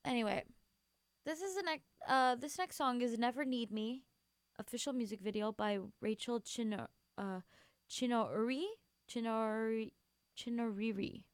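A woman's voice: fairly high pitch, normal speed, clean tone, dry recording, clean studio sound. A young woman hosting a radio show, chatting casually and rambling between songs while sleepy and yawning, gushing with many fillers. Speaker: radio host.

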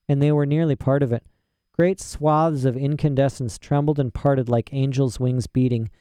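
A man narrating a storybook in a steady, expressive reading. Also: mid-range voice, clear, resonant tone, no room sound, studio quality. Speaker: audiobook narrator.

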